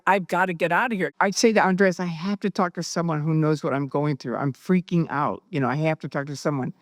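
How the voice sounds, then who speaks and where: A woman recounting her personal experiences, animated and acting out the dialogue she quotes. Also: lowish voice, dry recording, clean studio sound. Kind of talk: personal storytelling.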